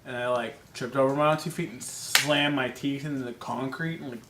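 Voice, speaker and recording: A man's voice: mid-range voice, a little fast, reverberant, background noise. A young man chatting and joking casually with his partner on her vlog. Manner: joking, deadpan teasing. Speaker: partner of the vlogger. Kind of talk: casual couples chat.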